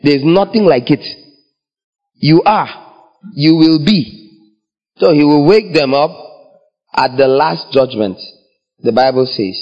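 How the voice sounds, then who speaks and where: A man preaches a dramatic sermon, acting out scenes in different voices. His voice is a little high and slow, with long pauses, and the lo-fi recording sounds dull.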